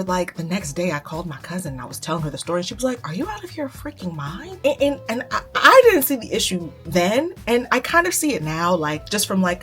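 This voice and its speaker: Chatty young woman telling a story. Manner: animated, laughs while retelling, lively pitch jumps. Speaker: vlogger. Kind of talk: casual storytelling while getting ready.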